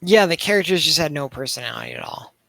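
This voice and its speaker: A man's voice: a little high, lively intonation, quick pace, creaky, bright, forceful tone, no echo. A man co-hosting a podcast, chatting casually and rambling with lots of fillers and swearing. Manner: rambling, heavy on filler words, swears a lot. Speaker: podcast co-host reviewing a movie. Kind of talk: casual chat.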